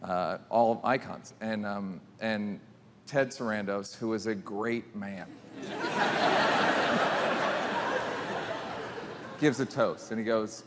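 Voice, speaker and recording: A man's voice: fairly low pitch, big pitch swings, very slow, pauses often, a bit bright, a little hiss or hum. A male stand-up comedian telling a rambling, self-deprecating story. A long hall reverb trails his voice, with faint ambience behind.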